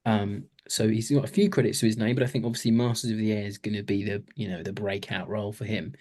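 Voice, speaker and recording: A man's voice: fairly low pitch, steady tone, quick pace, darkish tone. A man co-hosting a podcast, reviewing a TV series in casual, enthusiastic chat full of fillers. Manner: chatty, filler-heavy, enthusiastic. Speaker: podcast co-host.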